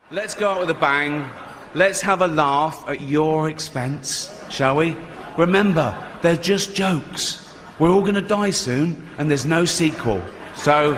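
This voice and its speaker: A man doing stand-up comedy on stage and hosting an awards show, with a dry, mocking, deadpan delivery. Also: fairly high pitch. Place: large theatre on stage. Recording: live hall reverb, faint audience noise.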